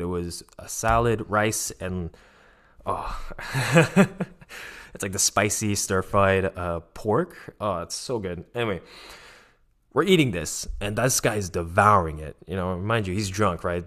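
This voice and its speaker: A fairly low-pitched young man talks through a personal story in a loose, rambling way. He leans on fillers and restarts, and jumps up in pitch when he acts out other people's lines. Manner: rambling, filler-heavy, animated quoting of others. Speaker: former missionary telling a story. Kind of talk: casual storytelling.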